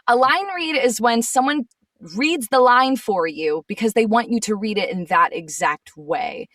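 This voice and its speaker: A woman voice actress in a casual chat, telling stories in an animated, exasperated way. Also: fairly high pitch, measured pace, no room sound, far from the mic. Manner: animated storyteller, gets sassy and exasperated. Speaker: voice actress guest.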